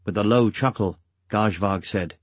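Husky man narrating a story. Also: fairly low pitch, no room sound. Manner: measured, steady storytelling. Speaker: audiobook narrator. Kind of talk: scripted narration.

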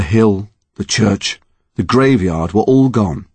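A man's voice: lowish voice, animated, slow pace, a little mellow, husky, no room sound. A man narrating a story in a dramatic, emotionally charged reading. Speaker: audiobook narrator.

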